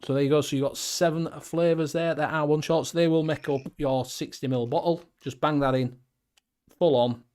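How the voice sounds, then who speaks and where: A man's voice: a little high, steady tone, moderate pace, darkish tone. Jokey laid-back man hosting. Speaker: host. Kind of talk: casual live-stream chat.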